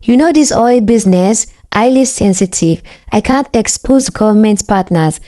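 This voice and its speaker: A woman voicing a smooth-talking young man who fakes a wealthy life, boasting with easy confidence. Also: high voice, lively intonation, moderate pace, warm tone. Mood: solemn.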